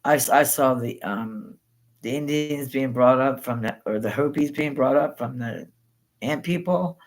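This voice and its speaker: Rambling, excitable middle-aged woman. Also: very deep voice, a little slow. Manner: excitable, swears freely, jumps between thoughts. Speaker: paranormal livestream host. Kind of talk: rambling spontaneous storytelling.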